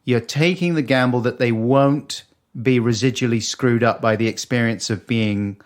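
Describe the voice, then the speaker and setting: A man's voice: mid-range voice, moderate pace. A man hosting a podcast, chatting in a thoughtful, musing way in a home kitchen. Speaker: podcast host. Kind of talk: casual conversation.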